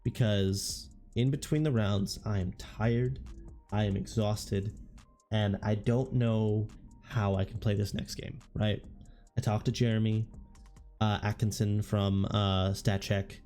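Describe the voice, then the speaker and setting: A man with a worn, hoarse voice talks through a relaxed, rambling recap, often restarting his sentences. His tone is mellow and warm, and soft music plays faintly underneath. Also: lowish voice, slow pace. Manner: casual, rambling, with frequent restarts. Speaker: tabletop wargame content creator.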